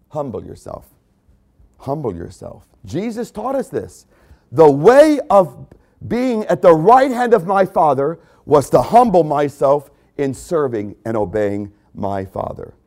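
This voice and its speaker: Animated preaching man with swinging dynamics. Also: on the high side, measured pace. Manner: dramatic swings between loud emphasis and hushed drops; repeats key phrases for emphasis. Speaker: pastor. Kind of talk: sermon.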